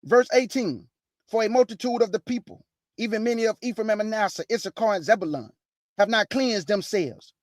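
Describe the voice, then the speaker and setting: A woman hosting an informal Bible teaching, reading verses slowly and firmly and breaking in with pointed rhetorical questions in a casual, plain-spoken way. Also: mid-range voice, darkish tone, dry recording, clean studio sound. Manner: casual, plain-spoken, addresses listeners as "y'all".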